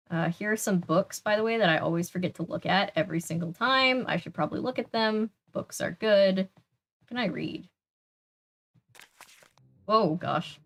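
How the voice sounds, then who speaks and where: A woman's voice: medium pitch, a bit bright. A woman with a Southern US accent, chatting casually and laughing often while streaming a video game. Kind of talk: casual gameplay chat.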